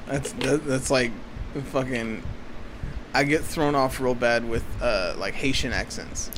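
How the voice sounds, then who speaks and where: A man's voice: medium pitch, a little slow, noisy background. A man in casual chat, swearing often and rambling through his stories. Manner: profane, rambling, restarts.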